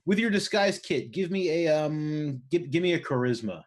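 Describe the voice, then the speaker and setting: A man's voice: a little high, animated, normal speed. A man running a tabletop game as dungeon master, loose and laughing, swearing casually.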